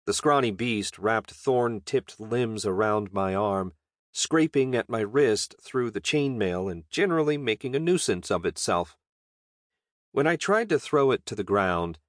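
A man narrating a fantasy audiobook with a wry, deadpan manner. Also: on the low side, no room sound, clean studio sound.

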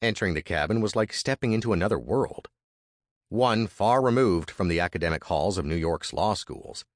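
Deep, lively male storyteller, dry close recording. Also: normal speed, dry recording. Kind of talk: first-person audiobook narration.

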